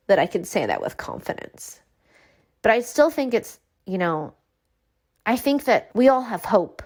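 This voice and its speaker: A woman's voice: mid-range voice, sing-song, normal speed, vocal fry, a little mellow. A woman in her forties, a neurologist being interviewed, speaking in an earnest, heartfelt way. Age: 40s. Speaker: neurologist guest. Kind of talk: interview conversation.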